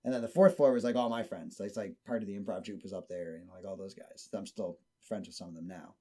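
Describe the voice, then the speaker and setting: A man's voice: sits low, fast talker. A man telling a long story in a casual chat, swearing freely and acting out what people said. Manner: profane, animated storyteller who acts out quotes.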